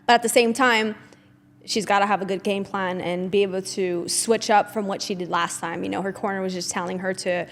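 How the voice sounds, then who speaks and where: A woman's voice: medium pitch, steady tone, fairly quick, creaky, long reverb tail, slight background noise. A woman hosting a podcast in casual chat, laughing often and telling stories with animation. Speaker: podcast host.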